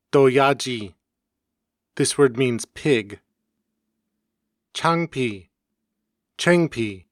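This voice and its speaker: A man narrating a scripted educational podcast in an even, read-aloud manner. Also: mid-range voice, no room sound, studio quality. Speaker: podcast host. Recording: homemade podcast recording.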